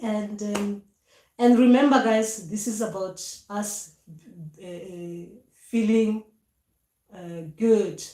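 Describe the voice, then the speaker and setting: A woman's voice: medium pitch, warm tone. A woman hosting a casual spiritual talk, rambling and restarting her sentences with many fillers as she searches for her notes. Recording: echoey room with faint noise.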